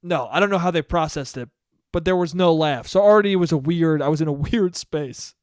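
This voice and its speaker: A man's voice: fairly high pitch, fairly quick, darkish tone, clean tone, no echo, clean studio sound. A man in his twenties hosting a casual solo podcast, rambling and swearing as he laughs at his own jokes. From United States. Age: 20s. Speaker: podcast host.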